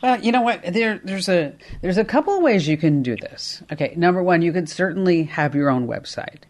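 A woman hosting a call-in radio show, talking in an upbeat, chatty way with quick asides. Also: lowish voice, expressive, a little mellow. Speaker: radio talk show host.

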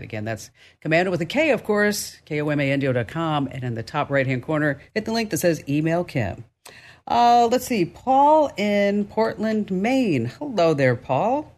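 A woman hosting a call-in radio show, chatty and joking about herself with callers. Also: low-pitched.

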